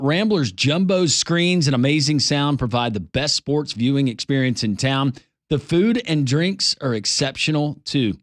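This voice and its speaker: A man hosting a sports talk radio show, doing a live-read ad in an upbeat pitchman delivery. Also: dry recording, clean studio sound.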